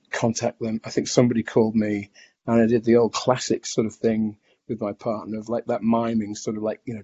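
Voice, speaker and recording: A man telling his own story in a reflective, halting way, with many restarts and fillers. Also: lowish voice, warm tone, slightly rough. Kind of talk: personal testimony. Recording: dull lo-fi recording.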